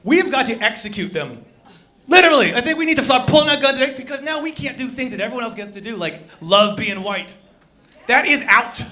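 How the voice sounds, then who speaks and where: A young man with a high-pitched voice works a comedy club crowd through a stage mic. His delivery is animated, swinging between loud bursts and quiet, low mutters. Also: fast talker. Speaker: stand-up comedian. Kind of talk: stand-up comedy set.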